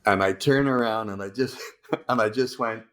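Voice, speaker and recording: Animated older actor telling stories. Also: male voice, on the low side, normal speed. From Canada. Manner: acts out lines in put-on voices, swears freely. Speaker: guest actor.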